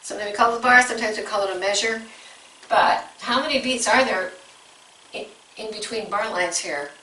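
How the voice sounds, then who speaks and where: A woman's voice: mid-range voice, a little fast, pushed and bright, echoey room, recorded from a distance, low-quality recording. A woman coaching teachers through a music lesson, explaining step by step and breaking into short sung examples.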